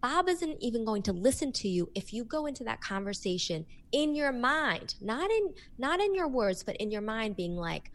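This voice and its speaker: Animated woman coach in an interview. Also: a little high, normal speed, hardly any pauses. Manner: animated and expressive, acts out examples. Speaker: workplace coach. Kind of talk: podcast interview.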